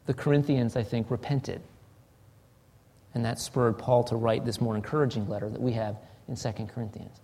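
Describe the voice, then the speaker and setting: A man preaching a sermon in an earnest, searching way, often restarting phrases and sinking to a soft, low voice. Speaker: pastor.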